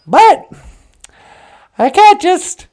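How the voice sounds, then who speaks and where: A woman narrates a folk tale in a bright, high voice with wide swings in pitch. She tells it slowly and playfully. Afterwards she chats and jokes in the same lively way. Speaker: storyteller and co-host.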